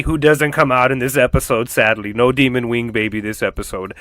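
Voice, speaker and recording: A man casually recapping a TV episode for his channel, telling it in a profane, animated way with lots of fillers. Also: mid-range voice, a little fast, hardly any pauses, no echo. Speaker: reaction channel host.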